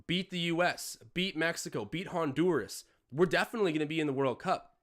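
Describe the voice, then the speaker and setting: A man's voice: on the high side, a little fast, a bit bright. A young Canadian man hosting a live watch-along stream, mixing casual play-by-play with rambling chatty tangents.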